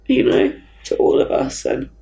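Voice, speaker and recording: A grieving woman talking candidly as a guest, halting and raw, swearing bluntly. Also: mellow, echoey room, poor audio. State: grieving, near tears. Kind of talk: candid conversation.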